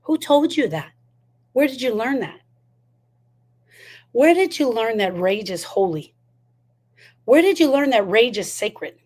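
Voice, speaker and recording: A woman's voice: fairly high pitch, animated, measured pace, long pauses, darkish tone. A woman giving a motivational talk on grief, emphatic and full of repeated rhetorical questions. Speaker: grief educator.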